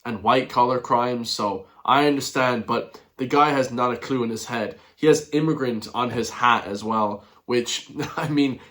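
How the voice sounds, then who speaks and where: Irish male vlogger, mid pitch, indignant ranting commentary. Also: fairly bright tone. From Ireland. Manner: indignant, blunt, keeps addressing viewers as guys. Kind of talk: ranting commentary on news clips.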